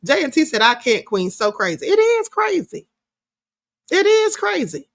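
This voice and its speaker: Sassy high-voiced woman host. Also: sing-song, normal speed. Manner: sassy, scornful, laughing often. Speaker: livestream host. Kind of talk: casual live commentary reading chat.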